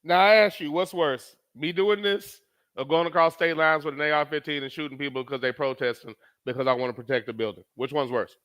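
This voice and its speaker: A high-voiced man hosts a casual live stream. He talks loosely and keeps circling back over his own phrases. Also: a little fast, smooth. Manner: laughing, animated, repeats phrases. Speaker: streamer host.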